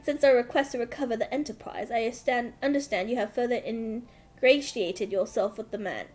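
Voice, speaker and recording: A woman voicing an earnest young male scholar-diplomat in a game, with formal, measured, old-fashioned phrasing. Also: on the high side, a little mellow, voice pushed down, close to an everyday voice. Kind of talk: reading game dialogue aloud.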